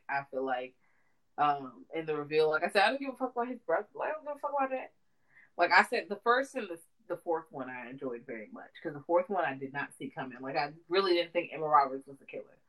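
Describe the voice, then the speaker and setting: A young woman co-hosts a casual podcast, her voice sitting on the lower side. She talks in an animated, profane way, stressing her points hard. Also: low-quality recording. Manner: animated, profane, emphatic storytelling. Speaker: podcast co-host. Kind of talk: casual chat.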